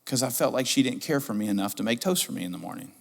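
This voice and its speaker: A middle-aged man preaching a sermon as a pastor, telling a story in an animated, humorous way. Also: mid-range voice, rapid-fire, creaky. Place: church auditorium. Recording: long hall reverb.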